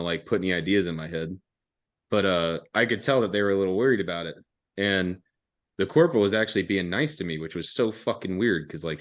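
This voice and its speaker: A young man hosting a podcast, telling a story casually with lots of swearing and slang. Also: fairly low pitch. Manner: laid-back, profane, laughs often, fillers like "dude" and "man". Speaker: podcast host.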